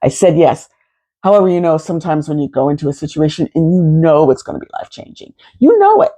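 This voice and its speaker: A woman in her fifties telling a personal story to camera in an animated, expressive way, swearing freely. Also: low voice, quick pace. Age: 50s. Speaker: vlogger.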